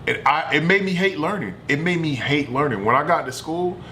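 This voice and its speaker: A man streaming from home, telling a family story in a loose, animated and profane way. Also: a little high, a little fast, a little hiss or hum. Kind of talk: casual storytelling.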